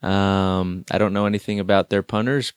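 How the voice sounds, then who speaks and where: A man's voice: deep voice, steady tone, moderate pace, clear, resonant tone, dry recording. A man co-hosting a casual sports talk show, ranting with dry sarcastic jokes. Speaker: co-host.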